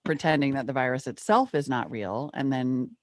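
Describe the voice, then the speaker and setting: A woman's voice: very deep voice, moderate pace, dry recording. Earnest woman co-host, dry close sound. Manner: earnest, emphatic, repeats key points. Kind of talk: casual news chat.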